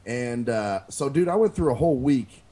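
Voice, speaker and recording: Brief: male podcast co-host, lively swinging pitch, loose and cussing, acts out the quotes. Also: moderate pace. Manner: animated storyteller, acts out quotes, curses freely. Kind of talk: casual profane chat.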